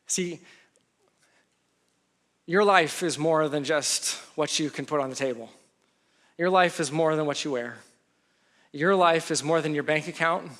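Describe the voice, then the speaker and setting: Man, pastor, sermon, bright tense voice, slightly high pitch, conversational preaching, acted quotes, humor.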